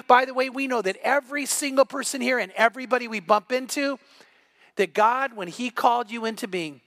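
A man's voice: very high-pitched, sharp tone, no room sound. A middle-aged man preaching a sermon as pastor, telling stories and acting out the voices in them. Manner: storytelling, acts out quoted voices.

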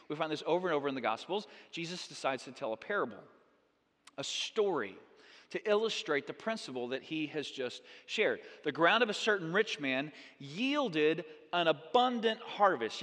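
A male pastor preaching a sermon in a church, animated and acting out the people in the Bible story. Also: high-pitched, big-room sound. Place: church sanctuary.

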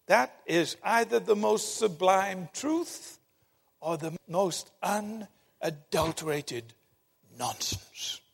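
A man preaching a sermon, telling stories with dramatic emphasis and long pauses. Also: sits high, lively intonation, creaky, breathy edge. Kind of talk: sermon with storytelling. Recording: long hall reverb.

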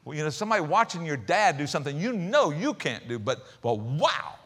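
A man preaching a sermon in a conversational, humorous way, with quick asides and repeated words. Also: on the high side, sing-song, fairly bright tone, big-room sound. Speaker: pastor.

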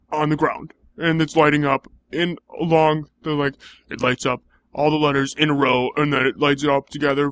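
A man's voice: fairly high pitch, a bit bright, dry recording. A young man in improvised comedy banter, teasing and playfully mocking.

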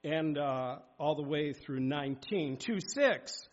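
A man's voice: a little high, lively intonation, takes it slowly. Emphatic man preaching a sermon. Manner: emphatic, exhorting, reads scripture aloud. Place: church sanctuary. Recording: dull lo-fi sound.

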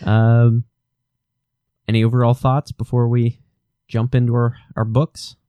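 A man co-hosting a casual podcast, making dry wordplay jokes in a deadpan way. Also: mid-range voice, a little slow, clean tone, no echo. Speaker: podcast co-host. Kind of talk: casual chat.

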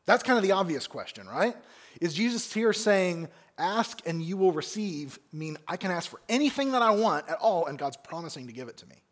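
Animated male pastor preaching. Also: sits high, fairly quick. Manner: animated, asks the congregation many questions. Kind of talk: expository sermon. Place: church sanctuary.

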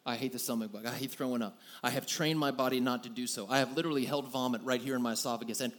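A man's voice: medium pitch, fairly even intonation, very fast, fairly bright tone. A man in his thirties preaching to a room, telling a personal story in a candid, self-deprecating way with many fillers. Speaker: youth pastor. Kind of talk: sermon.

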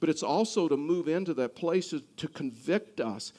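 A man's voice: fairly high pitch, expressive, moderate pace, warm tone. A male pastor preaching a sermon, earnest, often repeating and restarting his words.

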